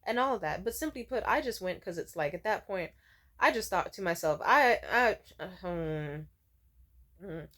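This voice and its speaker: A woman's voice: mid-range voice, lively intonation, normal speed, a bit bright. A woman vlogger telling a storytime, casual and blunt, swearing freely and rambling with many restarts.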